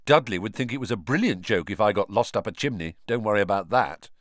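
A man's voice: lowish voice, expressive, fast, fairly bright tone, no echo, clean studio sound. A man voicing a nervous, hesitant young boy wizard. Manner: hesitant, stammering.

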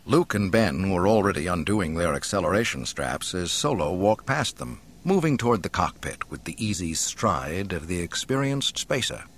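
A man narrating an audiobook in a dramatic, expressive storytelling manner. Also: sits low, moderate pace, few pauses. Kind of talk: scripted narration.

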